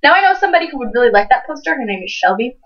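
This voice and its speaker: A woman's voice: sits high, racing. A sixteen-year-old girl telling a story in casual chat, swearing freely and acting out what people said. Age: teens. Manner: swears freely, animated retelling with voiced quotes. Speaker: co-host. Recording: distant, dull lo-fi home mic.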